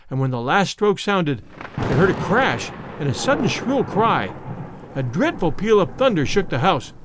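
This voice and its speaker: A man narrating a classic story in a measured, expressive reading. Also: fairly high pitch, no room sound, studio quality. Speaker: audiobook narrator.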